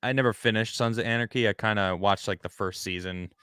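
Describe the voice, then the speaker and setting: A man's voice: on the low side, quick pace, bright, forceful tone, clean tone, no room sound, studio quality. A man hosting a commentary talk show, ranting heatedly with many restarts. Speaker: host. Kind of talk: casual commentary chat.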